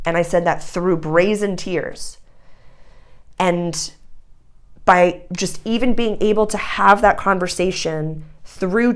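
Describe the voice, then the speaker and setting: A young adult woman giving a casual spoken astrology reading to her viewers, emphatic and effusive, swearing now and then. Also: lowish voice. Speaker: astrology reader.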